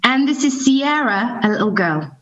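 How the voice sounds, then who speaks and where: A woman's voice: on the high side, normal speed, muffled recording, slight background noise. A woman from France with a British English accent, a cheerful podcast guest talking over a video call. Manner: cheerful, lively.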